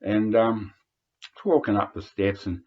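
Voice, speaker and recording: A man's voice: lowish voice, measured pace. An older Australian man telling rambling anecdotes, hesitant, with many fillers and restarts. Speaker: vlogger reminiscing. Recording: dull lo-fi recording.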